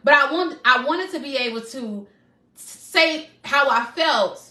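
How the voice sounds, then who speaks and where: Woman live-stream host, high and bright, heartfelt and open with viewers, echoey room. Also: takes it slowly. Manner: emotional, heartfelt, addresses viewers as y'all. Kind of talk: candid personal live stream talk.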